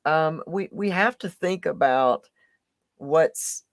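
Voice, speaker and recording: A man's voice: on the high side, slow pace, dry recording. A man hosting a live conversation show, speaking earnestly and reflectively in long, advocating runs. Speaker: host.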